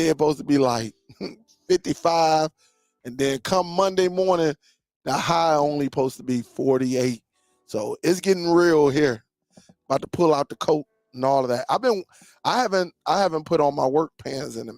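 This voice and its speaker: A man's voice: a little high, moderate pace, vocal fry, a little mellow, no room sound, soft background music. A man in his forties hosting a casual live chat with viewers, laid-back and full of stories, dropping "man" often. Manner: laid-back, storytelling, chatty with frequent "man". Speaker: live stream host.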